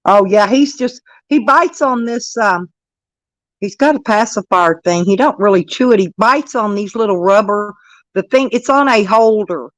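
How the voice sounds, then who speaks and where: An older woman talking on a casual vlog, slipping into high sing-song baby talk for a grandchild. She laughs often and repeats herself. The sound is dry and close. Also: moderate pace, dry recording, low-quality recording. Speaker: vlogger and grandmother. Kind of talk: casual live-stream chat.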